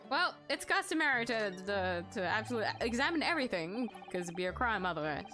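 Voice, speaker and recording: Excitable woman reading game dialogue aloud. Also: medium pitch, quick pace. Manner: excitable, laughs and squeals a lot. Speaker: gaming streamer. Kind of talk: let's play commentary with read-out dialogue. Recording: game music under the voice.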